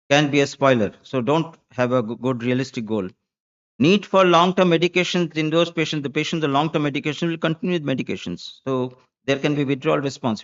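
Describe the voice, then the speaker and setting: A man's voice: medium pitch, muffled recording. A man giving a medical conference lecture as a spine surgeon, emphatic and listing points, repeating key words for stress.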